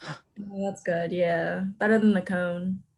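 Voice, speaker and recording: A woman's voice: on the low side, fairly even intonation, a little slow, creaky, darkish tone. Hesitant woman student asking a question.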